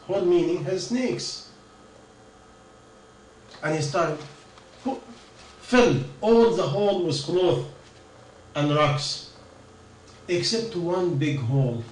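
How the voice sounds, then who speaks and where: A man telling a story in a sermon, earnest, with halting non-native English, often putting questions to his listeners. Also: sits high, a little hiss or hum. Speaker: preacher. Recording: echoey room, mic at a distance.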